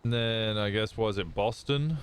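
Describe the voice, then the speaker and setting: A man's voice: on the low side, measured pace, slight background noise. A man streaming, chatting casually, rambling and swearing freely as he thinks aloud.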